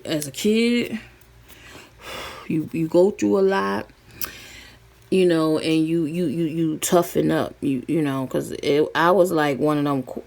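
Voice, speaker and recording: A woman's voice: deep voice, gravelly, darkish tone. A woman telling a story in a casual, rambling way, with many fillers and restarts, speaking. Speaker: vlogger.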